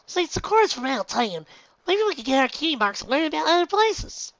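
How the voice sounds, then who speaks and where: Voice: sits high, very animated, fairly quick, a bit bright, dry recording, voice pushed up, heavily acted. A narrator voicing an earnest, chatty young farm pony filly in a raised voice, on a dull lo-fi recording.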